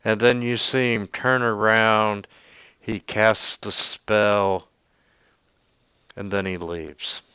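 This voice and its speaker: A man's voice: on the low side, flat delivery, slow, pauses often, pushed and bright, clear, resonant tone, no echo, highs cut off. A man narrating as game master in a tabletop game over a voice call, stopping often with fillers and restarts. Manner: hesitant, many fillers and restarts, laughs often.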